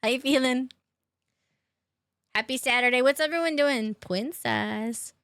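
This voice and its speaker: A woman's high, smooth, fairly bright voice comes through clean studio sound with no echo, and she takes her time. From her own room, she streams a game and chats casually, greeting viewers by name, laughing often and swearing offhandedly.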